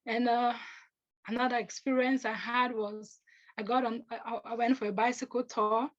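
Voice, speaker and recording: A young woman from Africa telling personal stories as a panelist, earnest and halting, often restarting her sentences and acting out what others said. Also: a little high, flat delivery, muffled recording. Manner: earnest, halting, with restarts, acts out quoted speech.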